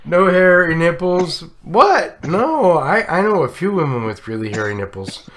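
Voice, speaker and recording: A man's voice: fairly high pitch, very animated, unhurried, a bit bright, a little hiss or hum. Drunk, slurring man hosting a stream. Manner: effusive, giggly, rambling. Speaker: live stream show host. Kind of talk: casual live stream chat.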